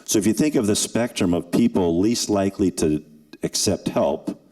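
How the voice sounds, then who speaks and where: Low-voiced man telling a survival story. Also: dark tone, faint music behind. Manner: earnest, with dramatic pauses and acted quotes. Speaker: former NFL kicker and forum speaker. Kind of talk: emotional personal storytelling to students. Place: event hall.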